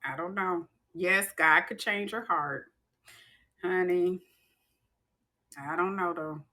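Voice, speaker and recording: A woman's voice: lowish voice, steady tone, slow pace, bright, forceful tone. A woman co-hosting a podcast, telling stories in emphatic casual chat. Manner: emphatic, storytelling. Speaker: podcast co-host.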